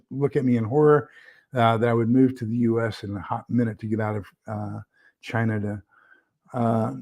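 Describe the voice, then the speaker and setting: A man talks loosely on a live stream, his mid-pitched voice carrying a gravelly edge. He drifts and circles back with lots of fillers while reading aloud and wrestling with screen sharing. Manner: rambling, filler-heavy, reads aloud while fumbling with screen share. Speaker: livestream host. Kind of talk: casual live-stream commentary.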